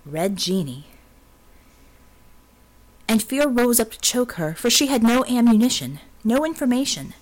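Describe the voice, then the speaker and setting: A woman reading a novel aloud as an audiobook narrator, steady and expressive. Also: a little high, a little slow, long pauses. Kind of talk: scripted narration.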